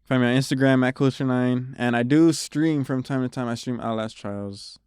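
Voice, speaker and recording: A man's voice: mid-range voice, steady tone, moderate pace, a crowd in the background. A young man, a musician guest, telling stories in casual interview chat, laughing and swearing often. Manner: laid-back storyteller, laughs and swears often.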